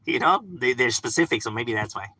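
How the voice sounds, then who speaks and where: A man's voice: mid-range voice, lively intonation, a little fast, pushed and bright, husky, low-quality recording. Laid-back man chatting on a live stream. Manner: loose and profane, laughs often, lots of fillers; chatting back to unseen viewers. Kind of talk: casual live-stream chat.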